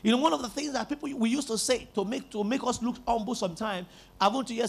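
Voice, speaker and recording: A man's voice: very high-pitched, fast, vocal fry, slightly rough. A male pastor preaching an emphatic sermon, calling on the congregation to repeat after him. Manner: emphatic, call-and-response preaching.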